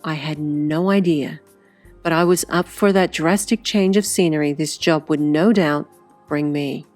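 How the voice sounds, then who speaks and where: A woman's voice: sits low, a little slow, a little mellow, soft background music. A woman reading a first-person story aloud as audiobook narrator, in a conversational style with wry asides.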